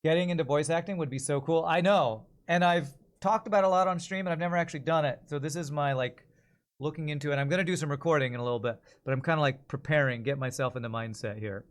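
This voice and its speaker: A man's voice: fairly high pitch, quick pace. Rambling chatty male streamer. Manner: rambling, self-correcting, chatty. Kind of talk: casual stream commentary.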